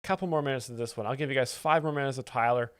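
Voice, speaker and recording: A man hosts a live comedy stream, delivering his asides with a deadpan, ironic edge. His voice sits at an everyday middle pitch. The room around him is dry, with no echo. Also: racing, clear, resonant tone. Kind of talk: satirical live-stream commentary.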